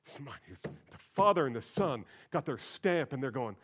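Preacher swinging from loud to hushed. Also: male voice, sing-song, moderate pace, few pauses, slight background noise. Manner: swings between loud emphatic peaks and low quiet asides; repeats phrases for emphasis. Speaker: pastor. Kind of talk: sermon.

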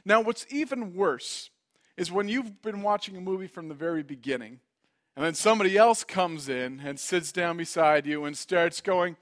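A man's voice: high voice, a little fast. A man who is a pastor, preaching a sermon and telling a story, acting out the voices in it. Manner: storytelling, acts out quoted voices.

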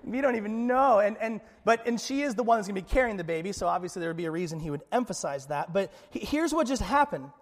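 A man's voice: sits high, expressive, fast, hardly any pauses, long reverb tail. A man preaching a sermon as pastor, conversational and joking, often checking in with the congregation. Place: church.

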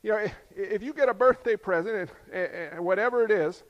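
A man preaching a sermon as pastor, lively and joking, peppering the congregation with rhetorical questions. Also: high-pitched, fairly quick, lo-fi sound. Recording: long hall reverb.

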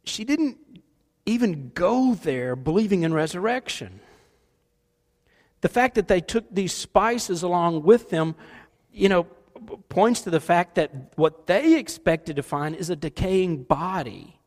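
A middle-aged man preaching a sermon, animated in his storytelling and shifting between loud and hushed delivery. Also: high voice, unhurried. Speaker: pastor. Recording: long hall reverb.

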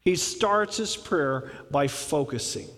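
High-voiced man preaching in a reverberant hall. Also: expressive, takes it slowly, fairly bright tone. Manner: conversational preaching with humor, acts out quoted prayers. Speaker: pastor. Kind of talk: sermon.

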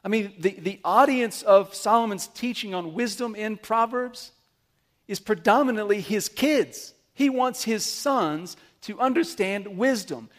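A man with a high-pitched voice preaches to a congregation. His delivery is animated, swinging from loud emphatic bursts to soft, low asides. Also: a little slow. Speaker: pastor. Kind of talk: sermon.

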